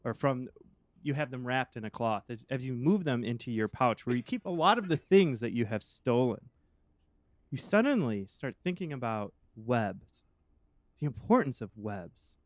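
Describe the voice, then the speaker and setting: A man running a tabletop game in a calm, unhurried way, often pausing on a filler before going on. His voice sits in an everyday middle range and sounds dry and close to the mic. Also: mid-range voice, no echo. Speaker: game master.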